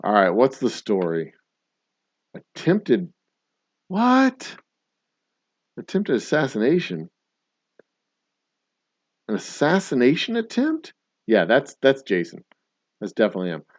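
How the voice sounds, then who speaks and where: A man's voice: mid-range voice, wildly swooping pitch, slow pace, long pauses, no echo. Man, host, profane incredulous riffing, dry dull recording. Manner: profane, incredulous, laughing riffs. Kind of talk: casual livestream commentary.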